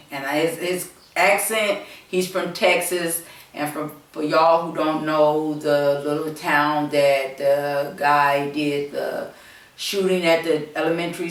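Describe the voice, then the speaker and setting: A woman's voice: low-pitched, a bit bright. A woman vlogger chatting casually to her viewers, rambling and hesitant, with many fillers and repeated words. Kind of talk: casual rambling chat to camera. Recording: echoey room, mic set far off.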